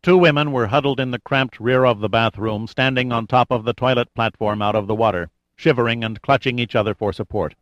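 A man reading an audiobook in a measured, even storytelling manner. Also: mid-range voice, dry recording, lo-fi sound. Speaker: audiobook narrator. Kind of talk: scripted narration.

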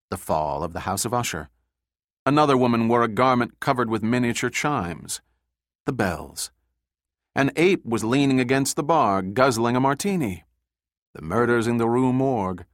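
Man, audiobook narration, steady measured reading, lowish voice, dry close recording. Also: no echo. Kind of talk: scripted narration.

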